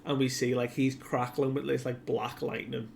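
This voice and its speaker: A man recapping a manga chapter in a casual, animated way, with many filler "like"s. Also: medium pitch, normal speed, creaky, a little hiss or hum. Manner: animated retelling full of filler "like".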